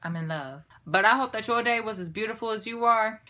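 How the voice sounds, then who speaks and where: In a casual vlog, a young Puerto Rican woman rants to the camera with a fairly high pitch, brisk pace and sharp tone. She sounds sassy and fed up, with a mocking bite.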